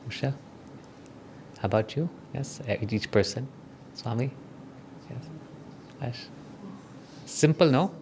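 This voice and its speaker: A man with a South African accent gives a gentle, conversational devotional talk to a small group. He guides a meditation and often checks in with his listeners. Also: mid-range voice, a little hiss or hum. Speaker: spiritual speaker leading a meditation.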